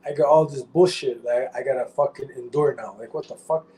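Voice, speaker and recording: Heated, profane former fighter. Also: male voice, medium pitch, fairly even intonation, brisk, mellow, slight background noise, rough recording. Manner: heated, profane, repeats himself. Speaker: former pro fighter, guest. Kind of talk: candid interview talk.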